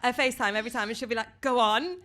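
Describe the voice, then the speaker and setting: A young adult woman hosting a casual interview chat, animated and acting out quoted voices with big leaps in pitch. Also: very fast. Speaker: podcast host.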